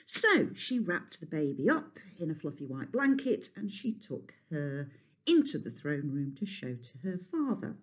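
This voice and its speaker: Woman telling kids a myth, super expressive, kinda breathy, muffled lo-fi. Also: low-pitched, unhurried. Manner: lively, chatty, explains as she goes. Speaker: storyteller. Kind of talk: storytelling to children. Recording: dull lo-fi recording.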